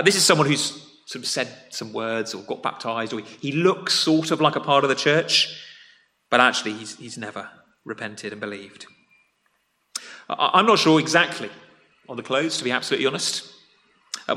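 A pastor preaches in a relaxed, conversational way, pressing some phrases loudly and letting others fall soft and earnest. His voice is bright and forward, and it rings with the long reverb of a church hall. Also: mid-range voice. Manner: conversational, plain-spoken, swings between loud emphasis and quiet earnest drops. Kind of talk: sermon. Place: church sanctuary.

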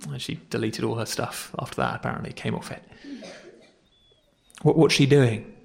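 Male pastor, mid pitch, relaxed conversational sermon delivery with repeats. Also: normal speed, vocal fry. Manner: conversational, self-deprecating preaching with repetitions.

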